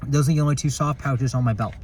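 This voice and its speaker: Talking fast in a steady, slightly mellow mid-range voice, a security officer vlogs from his patrol car at night. He rambles and jokes with some profanity into his phone camera, with slight background noise.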